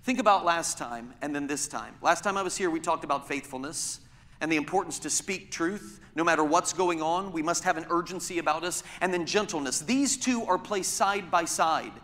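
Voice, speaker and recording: Preaching at a moderate pace, a pastor uses his high, bright voice to pose pointed rhetorical questions that press his points. His sermon echoes with a long reverb through a large hall.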